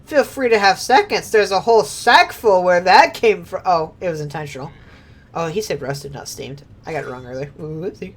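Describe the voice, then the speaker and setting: A woman's voice: lowish voice, expressive, normal speed. A woman streaming a video game, chatting casually, laughing often, swearing freely and reading game lines aloud. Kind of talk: casual gameplay commentary.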